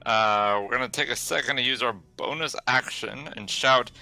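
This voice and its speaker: Bright, gravelly-voiced jokey man. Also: medium pitch, normal speed, few pauses, faint music behind. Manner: jokey, playful, laughs often. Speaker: player. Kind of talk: casual tabletop game play.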